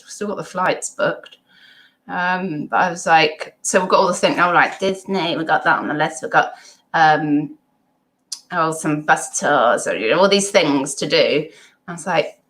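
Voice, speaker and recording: A woman's voice: fairly low pitch, a bit bright. A middle-aged woman, hosting a casual live stream at home, reading chat comments and rambling with many ums and asides.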